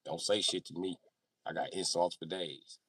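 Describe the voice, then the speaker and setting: A man's voice: sits low, fairly even intonation, normal speed, fairly bright tone, husky, dry recording, far from the mic. A man in his thirties hosting a live stream, rambling casually and profanely and answering his chat. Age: 30s. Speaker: livestream host.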